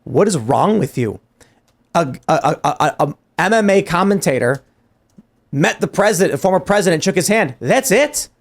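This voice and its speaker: A man hosting a political talk podcast, voice sitting a little high for a man. He rants with exasperated energy, and his pitch jumps sharply when he gets worked up. Plenty of irritated emphasis. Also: normal speed. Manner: exasperated, animated ranting. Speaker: podcast host. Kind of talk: political talk show discussion.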